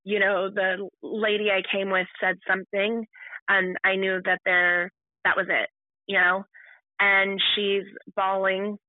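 Woman guest recounting her own past, halting and restarting often; thin phone-line sound. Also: medium pitch, level tone, no echo. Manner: halting, full of restarts and fillers. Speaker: podcast guest. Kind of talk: personal storytelling.

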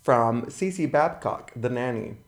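A man's voice: medium pitch, lively intonation, unhurried, vocal fry. A man co-hosting a podcast in casual chat, telling gossip in a campy way and slipping into playful put-on voices. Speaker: podcast co-host.

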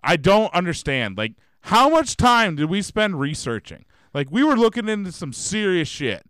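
Man co-host, lively pitch, smooth clear voice, dry close-mic sound, animated and profane. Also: moderate pace, dry recording. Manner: animated, swearing, exasperated banter. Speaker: podcast co-host. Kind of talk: casual podcast chat.

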